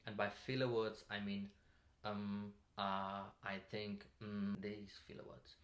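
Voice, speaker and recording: A man coaching English speaking skills in a calm, measured tutorial to camera. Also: fairly low pitch. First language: Marathi. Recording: roomy echo.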